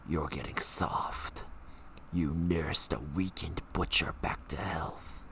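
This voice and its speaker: A man voicing a sinister inner voice that urges murder, in a slow, hushed half-whisper. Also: a bass voice, steady tone, pitched below the performer's own voice, full character voice. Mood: menacing. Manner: slow and menacing.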